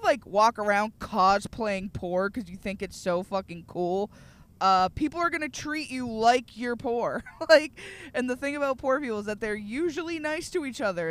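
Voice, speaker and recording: A woman co-hosting a comedy podcast in casual chat, swearing often, laughing and mocking people with quick impressions. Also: mid-range voice, smooth. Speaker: podcast co-host.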